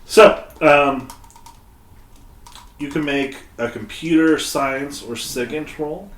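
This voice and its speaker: A man's voice: fairly high pitch, slow. A man running a tabletop game as game master, reading quotes aloud and steering the table back on track. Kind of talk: casual tabletop game chat. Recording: echoey room, faint noise.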